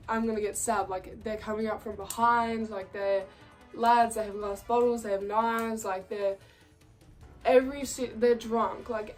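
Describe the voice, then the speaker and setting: A young woman telling a story in a casual, chatty way, with lots of fillers and frequent laughing. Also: on the high side. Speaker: vlogger. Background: faint background music.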